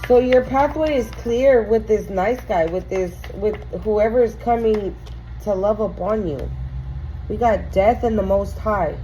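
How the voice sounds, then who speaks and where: Slow, dark-toned woman reading tarot. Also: mid-range voice, slight background noise. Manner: emphatic, profane, slow and drawn out. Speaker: tarot reader. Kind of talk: casual tarot reading to viewers.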